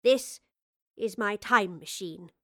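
A woman voicing a kindly, careful professor and inventor who speaks gently, politely and without hurry. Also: medium pitch, slow. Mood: gentle.

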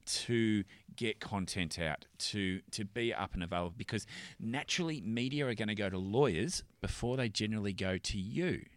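A man's voice: fairly low pitch, normal speed, no echo. A man hosting a casual podcast interview, chatty and joking, with frequent restarts. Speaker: podcast host.

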